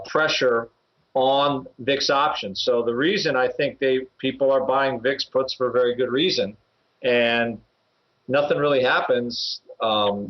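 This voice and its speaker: A man of ordinary pitch who rambles through market talk on a podcast. He pads his points with fillers and chuckles. The audio is a little dull and muffled. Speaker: options trader and regular co-host.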